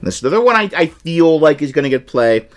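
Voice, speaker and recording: A man's voice: on the high side, big pitch swings, fast talker. A man co-hosting a podcast, explaining tabletop game rules in a playful, rambling, enthusiastic way. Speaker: podcast co-host. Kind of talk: casual chat about a tabletop game.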